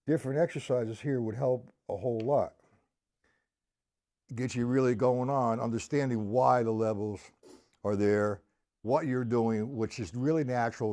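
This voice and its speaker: A man teaching a drum lesson on a live stream, explaining exercises in a patient, conversational way and counting beats aloud. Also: medium pitch. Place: room with a drum set. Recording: loud drum kit playing behind the voice.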